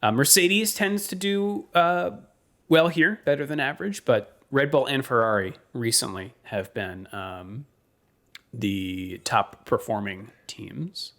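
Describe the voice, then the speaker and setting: A man co-hosting a motorsport podcast, reading weather and standings in a steady way with frequent ums and uhs. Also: mid-range voice, slow. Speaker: podcast co-host.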